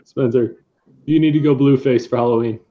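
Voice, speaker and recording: A man's voice: medium pitch, fairly even intonation, a little fast. A man, a tabletop game player, chatting in a teasing, playful way. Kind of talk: casual chat. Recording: dull lo-fi sound with faint noise.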